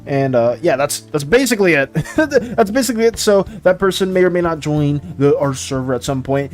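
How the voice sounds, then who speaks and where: A man's voice: on the high side, expressive, a little fast, darkish tone. A man streaming while he draws, chatting casually with viewers, laughing often and repeating himself. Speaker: art streamer. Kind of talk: casual livestream chat while drawing.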